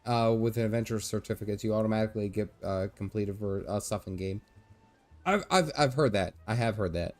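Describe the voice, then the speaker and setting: A man's voice: on the low side, a little fast, a little mellow, faint music behind. A man chatting casually on a game livestream, laughing often and reading game text aloud. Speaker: gaming livestreamer.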